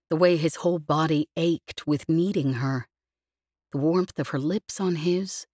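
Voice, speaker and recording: A woman narrating a novel in a measured, even storytelling voice, read close in a studio. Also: sits low, breathy edge, no room sound. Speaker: audiobook narrator. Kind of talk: scripted narration.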